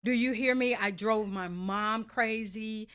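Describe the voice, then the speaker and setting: Emphatic high bright-voiced woman storyteller. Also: a little slow, clear, resonant tone. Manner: emphatic, confiding, repeats for emphasis. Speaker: podcast guest, salon founder. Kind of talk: animated personal storytelling.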